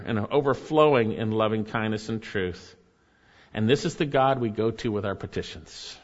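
A man preaching a sermon, reading scripture and explaining it, rising to loud emphasis and dropping to hushed tones. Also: medium pitch, muffled recording. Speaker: pastor.

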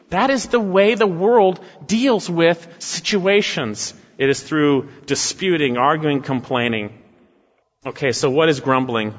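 A male pastor with a fairly high voice delivers an emphatic expository sermon, driving his point home with repeated rhetorical questions and a tag of "right?". The sound carries a long hall echo and is slightly muffled. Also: fairly bright tone.

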